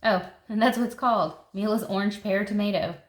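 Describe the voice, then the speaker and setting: Speaking a little fast in a steady, mid-range voice, a woman browses a seed catalog for her gardening vlog. She's enthusiastic and thinks out loud along the way, and the room sounds echoey with faint noise.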